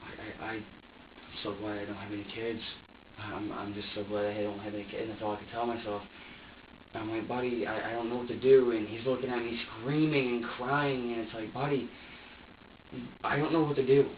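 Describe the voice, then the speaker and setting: A man's voice: on the low side, level tone, a little fast, slight background noise. A young man being questioned by police, talking in an agitated, profane rush with stammered repeats. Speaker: suspect under police questioning. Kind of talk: interrogation statement. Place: interrogation room. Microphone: distant security camera mic. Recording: roomy, distant, dull lo-fi security footage.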